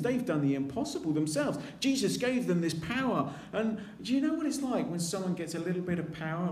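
A man's voice: high-pitched, darkish tone, echoey room. A man preaching a conversational sermon in a church, acting out quoted voices as he goes.

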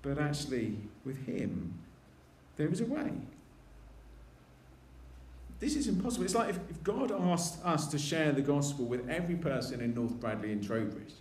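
A man delivering a chatty sermon, his voice sitting high for a man. He slips into little acted voices for the people he quotes. The room around him rings with church echo. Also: big pitch swings, normal speed, pauses often, a little mellow, slight background noise. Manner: conversational, acts out quoted voices. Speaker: preacher.

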